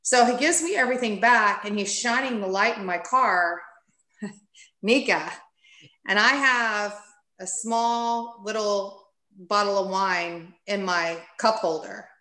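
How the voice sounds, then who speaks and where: A woman guest on a podcast, candidly telling a personal story in a casual, animated way and acting out what people said. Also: medium pitch, slow pace, roomy sound. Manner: candid, animated, acts out quoted speech.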